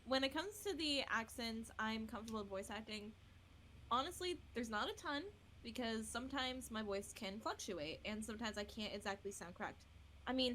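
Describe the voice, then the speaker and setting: A woman's voice: on the high side, animated, fairly quick, sharp tone, a little hiss or hum, poor audio. A woman hosting a casual podcast, chatty and self-deprecating, often laughing at herself. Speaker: podcast host.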